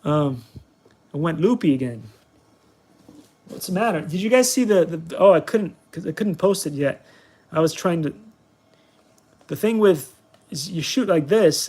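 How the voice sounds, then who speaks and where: A man's voice: on the high side, darkish tone. Rambling playful man reviewer. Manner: playful, self-mocking, rambling. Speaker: product reviewer, channel host. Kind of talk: casual vlog commentary while playing.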